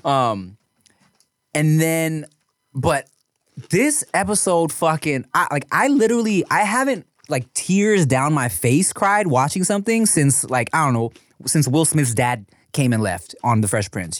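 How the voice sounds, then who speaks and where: A man, telling stories with lots of swearing and jumping up into high voices when he quotes people. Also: measured pace, no room sound, studio quality. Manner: animated storyteller, swears freely, jumps to high voices when quoting people. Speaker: podcast co-host. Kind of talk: casual food podcast chat.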